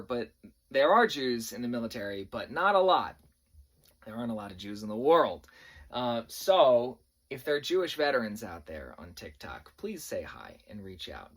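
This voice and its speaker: A young man from New York, an army veteran, telling wry stories about basic training in a casual, animated way. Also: lowish voice, normal speed. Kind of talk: casual spoken storytelling.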